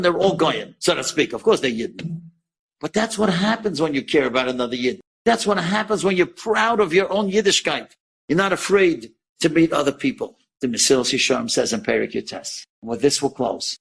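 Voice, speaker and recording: Gravelly rabbi telling an animated story. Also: male voice, a little high, brisk. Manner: animated storyteller who acts out quoted voices. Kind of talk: inspirational story lecture.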